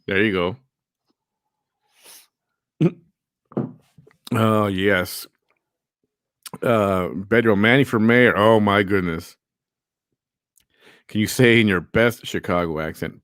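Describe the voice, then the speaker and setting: A man with a fairly low voice hosts a casual live show, reading out viewer comments and greeting people in an easygoing way. His voice is recorded dry and close. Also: takes it slowly, long pauses, a bit bright, clear, resonant tone, dry recording. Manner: reads chat comments aloud, easygoing. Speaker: host.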